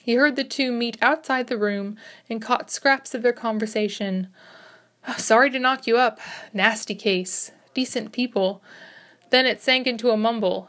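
A woman narrating a classic short story as an audiobook reader, in a measured, expressive reading. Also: fairly high pitch.

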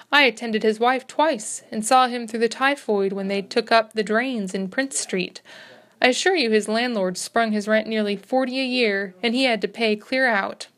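A woman's voice: on the high side, fairly bright tone, lightly acted. A woman reading as a genial, self-assured doctor. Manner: easy, talkative bedside chatter.

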